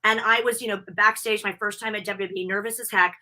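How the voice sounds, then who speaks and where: An American woman guesting on a wrestling podcast, gushing through stories in an excited, chatty way over a video call. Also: mid-range voice, fast. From United States. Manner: bubbly, gushing storyteller. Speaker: wrestling interviewer and convention host. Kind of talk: excited casual interview chat.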